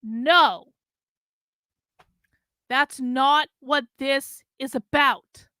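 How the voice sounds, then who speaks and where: A woman's voice: high-pitched, moderate pace, pushed and bright, dry recording. A woman ranting on her vlog, exasperated and swearing freely, repeating herself and cutting in with strings of refusals. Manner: exasperated, profane, repetitive venting. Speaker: vlogger.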